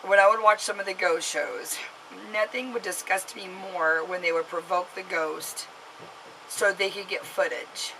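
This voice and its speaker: A woman's voice: on the low side, a little slow, pushed and bright, a little hiss or hum, low-quality recording. A mother vlogging to camera, telling a story in a rambling way with many fillers and restarts and giving an earnest, scolding warning.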